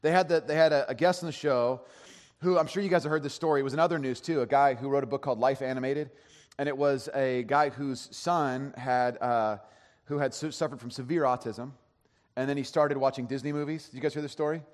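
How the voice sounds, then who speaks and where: A man's voice: mid-range voice, fairly even intonation, fairly quick. A man giving a sermon as pastor, telling a story in a conversational way with frequent restarts. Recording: long hall reverb.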